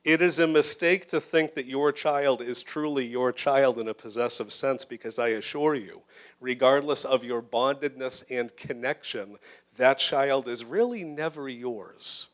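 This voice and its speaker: A middle-aged male pastor preaching a sermon in a church, his voice sitting at an ordinary middle pitch. He speaks earnestly and personally, piling up phrases for emphasis while holding back tears. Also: measured pace. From United States. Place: church sanctuary.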